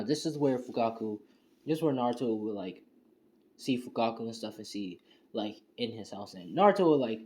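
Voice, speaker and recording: A man's voice: on the low side, darkish tone. A man casually retelling a fan story, rambling with lots of fillers like "you know" and "and stuff". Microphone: home screen-recording setup.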